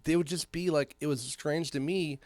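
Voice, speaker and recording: This man's voice leans high, moving at normal speed with no echo. Co-hosting a podcast, he tells a lengthy tale with lively energy, cursing heavily and imitating the people involved.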